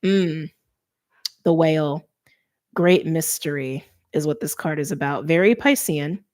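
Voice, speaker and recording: A woman doing an intuitive tarot card reading, speaking softly and earnestly and letting her emotions show. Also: low-pitched, unhurried. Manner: soft, earnest, openly emotional. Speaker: tarot reader.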